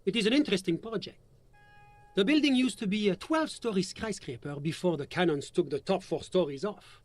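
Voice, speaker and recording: An actor voicing a polite, formal male bureaucrat commissioner in a video game, explaining things in a courteous, measured way. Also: high voice. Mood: measured, explanatory. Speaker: game character.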